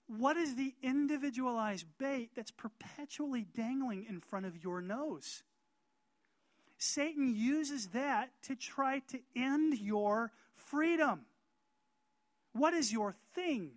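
Slow, emphatic male preacher. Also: very high voice, no echo. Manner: emphatic, rising to loud calls for amen. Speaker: pastor. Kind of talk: sermon.

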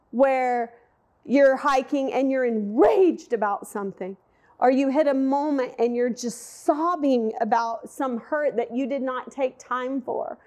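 A woman's voice: high voice, a little mellow. A middle-aged woman giving an emotional, conversational sermon, speaking directly to her listeners. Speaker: women's Bible teacher.

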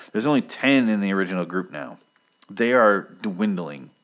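Deep-voiced man rambling through a recap. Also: fairly bright tone. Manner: rambling, profane, lots of ums. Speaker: comic book recap vlogger. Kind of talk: casual recap monologue.

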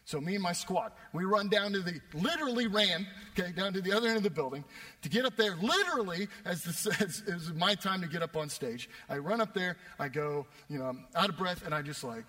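A young man preaching a sermon, telling a self-deprecating story with animated delivery. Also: high-pitched, fast. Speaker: pastor. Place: church worship space. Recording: long reverb of a church hall.

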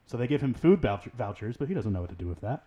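A relaxed man with a warm, mellow voice explains things in a loose, easy way. He leans on "like" as he talks. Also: medium pitch, racing. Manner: relaxed, explanatory, uses "like" often. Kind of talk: casual discussion.

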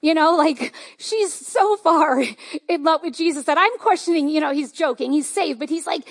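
A woman's voice: very high voice, fairly quick. A woman pastor giving a conversational, enthusiastic sermon with lots of fillers.

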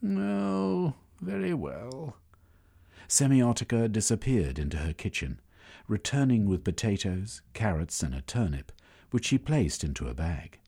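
Audiobook narrator, male, middle-aged: low and mellow, slow, lively in pitch. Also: breathy edge. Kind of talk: scripted narration.

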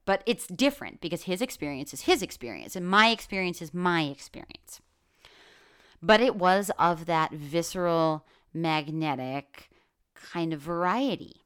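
A woman's voice: lowish voice, fairly bright tone, clear, resonant tone. A woman hosting a solo podcast, talking candidly and with plenty of swearing, saying "like" often and restarting her sentences. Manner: candid and profane, with lots of "like" and restarts. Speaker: podcast host. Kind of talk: casual solo podcast monologue.

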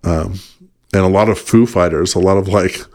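A man in easy conversation as a co-host, jumping in with quick, eager reactions. His sentences often break off halfway as he chases his own enthusiasm. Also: low voice, darkish tone. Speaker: podcast co-host. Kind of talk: casual chat.

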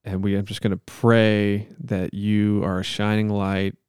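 A man's voice: on the low side, level tone, measured pace, a little mellow, smooth, no echo, clean studio sound. A man hosting a casual podcast, joking around and putting on a mock-solemn prayer. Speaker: podcast host.

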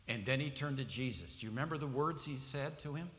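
A man's voice: medium pitch, fast talker, few pauses, fairly bright tone, in a large hall. A man preaching a sermon, earnest and emphatic, reading scripture aloud.

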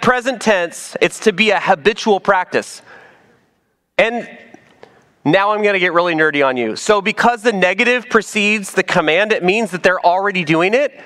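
A pastor delivers his sermon with real animation, his pitch swinging widely and sitting a bit high for a man. He teases and jokes, then drops to a soft, slow emphasis on his key points. The delivery stays casual and conversational. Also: animated.

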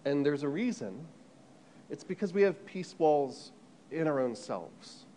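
A man from the United States preaching an animated sermon, telling a story with frequent restarts and repeated words. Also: fairly high pitch, unhurried, a little hiss or hum.

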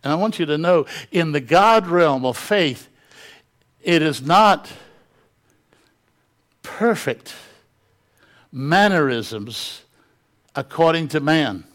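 A male pastor preaches a sermon with impassioned, dramatic storytelling. His voice sits fairly high for a man and swells as he drives his points home. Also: lively intonation, slow pace, pauses often, fairly bright tone.

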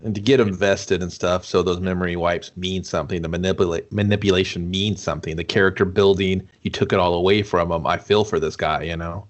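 A man's voice: low voice, steady tone, brisk, hardly any pauses, dull audio. A man co-hosting a casual movie talk, laid-back and profane, laughing often. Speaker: podcast co-host. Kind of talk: casual chat.

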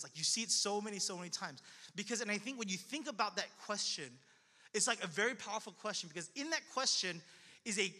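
A young male pastor delivers an earnest, casual sermon, leaning on repeated phrases and fillers. His voice sits high and sounds very bright. A long hall reverb trails behind every word.

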